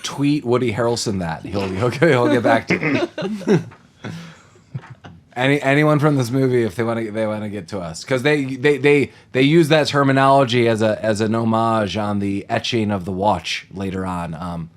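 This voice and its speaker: A man's voice: medium pitch, normal speed. A man co-hosting a podcast in a casual movie-recap chat, rambling and jokey, acting out lines from the film. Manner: rambling, jokey, acts out quotes. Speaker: podcast co-host.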